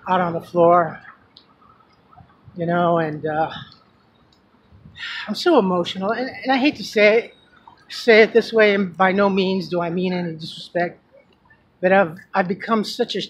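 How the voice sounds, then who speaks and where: A man's voice: high voice, unhurried, pauses often, husky, poor audio. A man talking emotionally in a casual personal vlog, rambling and restarting his sentences. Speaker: vlogger.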